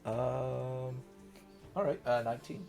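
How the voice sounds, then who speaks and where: A man playing in a tabletop game, excitable and describing his character. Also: medium pitch, takes it slowly, vocal fry, faint music behind. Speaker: player. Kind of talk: casual tabletop play.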